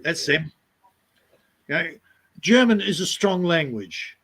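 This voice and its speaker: A man's voice: lively intonation, slow pace, a bit bright, slightly rough. A man in casual chat, blunt and jokey. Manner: blunt, jokey, mimics others in high voices.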